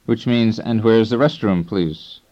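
Calm male instructor on old tape. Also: on the low side. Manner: calm, measured teaching tone. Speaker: language course instructor. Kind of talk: scripted language lesson narration. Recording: dull lo-fi tape recording.

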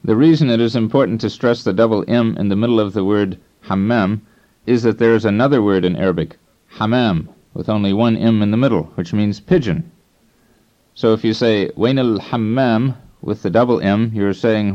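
Calm male instructor on old tape. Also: on the low side. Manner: calm, measured teaching tone. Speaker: language course instructor. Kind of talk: scripted language lesson narration. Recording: dull lo-fi tape recording.

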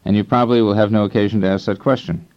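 A man narrating a scripted language lesson as instructor, in a calm, measured teaching tone. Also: fairly low pitch. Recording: dull lo-fi tape recording.

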